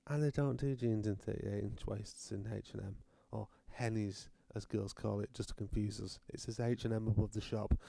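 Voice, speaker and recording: A man's voice: fairly low pitch, steady tone, normal speed, gravelly, few pauses, warm tone, no echo. A British man delivering a rambling, sardonic comedic rant, swearing freely and going off on tangents.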